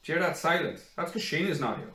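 A man co-hosting a podcast in casual banter, crude and quick to laugh, with the odd acted-out rant. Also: fairly high pitch, lively intonation, pushed and bright, echoey room, low-quality recording. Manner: crude, laughing, acts out others' rants. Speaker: podcast co-host.

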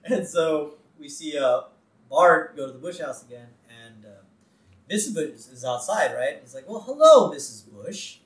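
A man co-hosting a podcast, laughing often as he excitedly recaps a cartoon episode and acts out its lines. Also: a little high, normal speed, distant mic. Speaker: podcast co-host. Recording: roomy, off-mic sound.

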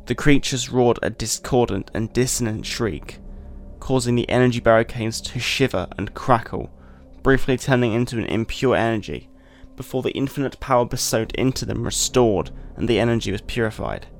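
A man hosting a podcast, giving a measured, deliberate dramatic reading of a short story. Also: medium pitch, creaky, a little hiss or hum. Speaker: podcast host.

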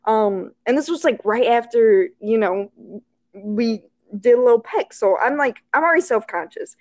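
Chatty woman guest, high-ish voice, dry room sound; rambling anecdote with fillers and laughter. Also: expressive, normal speed, no echo. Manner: rambling, filler-heavy, laughs often, acts out quotes. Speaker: storyteller on a chat show. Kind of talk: casual storytelling chat.

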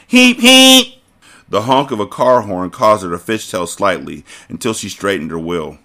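A man's voice: low voice, moderate pace, fairly bright tone. A man hosting a podcast, reading a novel aloud casually and breaking off to joke and comment.

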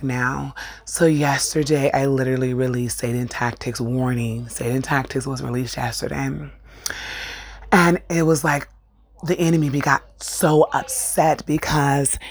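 A middle-aged woman hosting her own show, telling an earnest spiritual story in a casual, animated way. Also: low-pitched. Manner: earnest, conversational, animated retelling. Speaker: podcast host.

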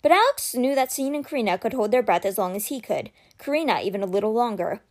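Brief: woman narrating a children's novel, high voice, lively expressive delivery. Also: fast. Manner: expressive, dramatic storytelling. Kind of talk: reading a book aloud.

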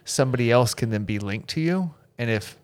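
A man co-hosting a podcast, chatting casually in a relaxed, low-key way that often trails off. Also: fairly quick. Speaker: podcast co-host. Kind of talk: casual chat.

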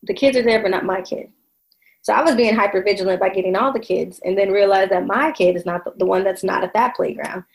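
A woman's voice: medium pitch, fast talker, vocal fry, low-quality recording. A woman telling a personal story in casual conversation, reflective, with many fillers and restarts.

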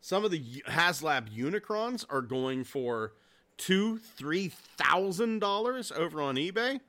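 Excitable man in his forties, bright voice. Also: fairly high pitch, unhurried. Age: 40s. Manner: excitable, swears freely, loud laughs. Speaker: podcast co-host. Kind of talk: casual chat.

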